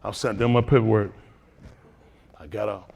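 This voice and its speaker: A man preaching as a pastor in a fiery talk, swinging from low mutters to loud outbursts. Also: steady tone, moderate pace, creaky.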